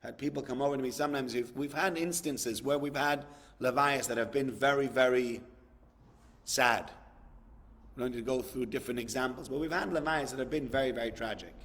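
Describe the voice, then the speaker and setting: A man's voice: medium pitch, brisk, fairly bright tone, big-room sound. A man, a rabbi, giving a conversational sermon, acting out dialogues and repeating words for emphasis.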